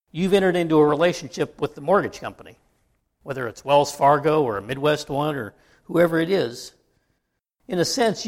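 A man delivering a sermon in an easygoing, conversational way. His voice sits a little high and carries a gravelly fry. He jokes with his congregation and often stops to restart a phrase. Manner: folksy, joking, with frequent restarts. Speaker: pastor.

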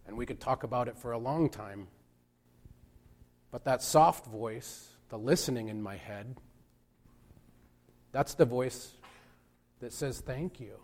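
A man giving a reflective sermon, speaking in a measured way and pausing for emphasis. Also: medium pitch. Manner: slow, measured, with pauses for emphasis. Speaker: preacher.

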